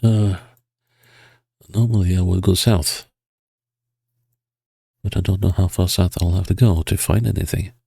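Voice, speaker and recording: A man's voice: low-pitched, steady tone, measured pace, vocal fry, long pauses, mellow, breathy edge, dry recording, clean studio sound. A man with a stuffed-up, sniffly nose giving casual gameplay commentary, thinking aloud in a hesitant way with chuckles. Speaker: video game player.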